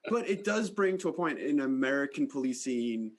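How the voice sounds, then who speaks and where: A man's voice: medium pitch, animated, normal speed. A man hosting a podcast, talking in a conversational way and saying "like" often. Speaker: podcast host.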